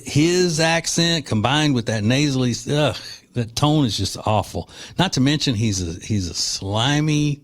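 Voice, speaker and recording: A man hosting a talk radio show, delivering an opinionated, combative monologue with mocking asides. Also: medium pitch.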